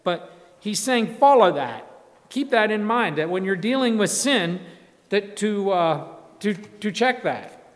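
A man preaches a sermon conversationally, frequently restarting his sentences and acting out quotes. His voice sits high and is animated at a measured pace, with long hall reverb on the recording.

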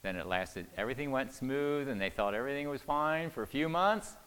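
A man's voice: mid-range voice, lively intonation, brisk, a bit bright, smooth. Older man teaching in a reverberant hall. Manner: repeats words often while talking, asks the audience questions. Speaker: speaker teaching on marriage. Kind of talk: conversational church teaching.

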